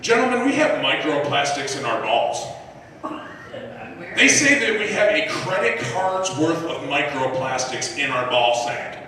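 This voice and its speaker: Man, stand-up comedian, profane and animated, live club stage, long reverb, audience noise. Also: fairly high pitch, unhurried, a crowd in the background. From United States. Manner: profane, animated, acts out voices and shouts. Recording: echoey club room recorded from a distance. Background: audience laughter.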